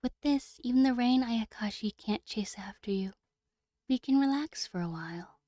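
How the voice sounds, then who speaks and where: A woman voicing a gentle, teasing young female senpai in a game, soft-spoken and playful. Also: a little high, lively intonation, moderate pace, no echo, clean studio sound, voice pushed up, lightly acted. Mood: hushed whisper.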